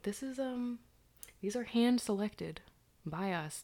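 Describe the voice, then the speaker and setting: A woman's voice: a little high, animated, slow, dark tone, a little hiss or hum. A woman co-hosting a podcast in whispered ASMR style, joking and switching between whispers and normal talk, close to the mic in a dorm room. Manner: jokey, mixing whispers with plain talk. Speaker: podcast co-host. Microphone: sock as pop filter, close up.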